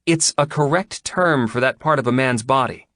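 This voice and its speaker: A man voicing a prim, exasperated young woman doctor in an audiobook, with a crisp, scolding manner. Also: mid-range voice, moderate pace, a bit bright, no room sound, voice pushed up, natural voice. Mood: primly teasing. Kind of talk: audiobook character reading.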